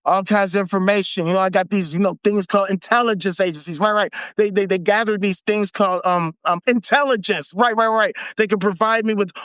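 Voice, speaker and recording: A man's voice: sits high, steady tone, brisk, few pauses, fairly bright tone, smooth, dry recording. A man mocking a smug, bumbling leader. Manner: mock-proud, bumbling, repeating himself. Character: smug, clueless male head of state, self-important.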